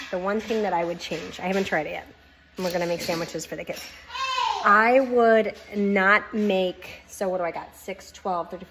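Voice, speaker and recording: A woman's voice: lowish voice, background noise. Gushing woman cooking vlogger. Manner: chatty and gushing, with many fillers. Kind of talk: casual kitchen vlog.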